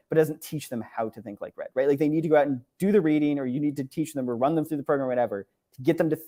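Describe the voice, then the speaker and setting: Speaking into a computer mic for an online conference, a young man talks over his slides in a fairly high, dark-toned voice. He's casual and leans heavily on fillers, tacking on "right?" and "like" again and again.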